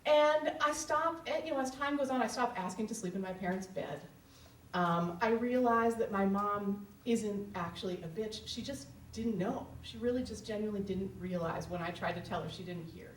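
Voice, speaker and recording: A woman's voice: mid-range voice, normal speed. Earnest woman telling a story live. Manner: earnest, candid, emotional. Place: live event stage. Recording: roomy hall, distant mic, faint ambience.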